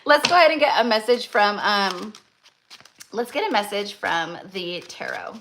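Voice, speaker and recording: A woman's voice: medium pitch, very animated, moderate pace, vocal fry, fairly bright tone, slight background noise. A young woman giving a live-stream tarot reading, talking in a gushing, effusive way with many fillers and restarts. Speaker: tarot reader.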